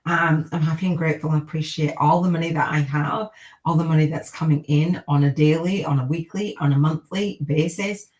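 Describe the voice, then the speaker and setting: A woman's voice: sits low, steady tone, a little fast, darkish tone, poor audio. A middle-aged woman hosting a live-streamed podcast, chatting in an upbeat, rambling way and repeating gratitude affirmations. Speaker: podcast host.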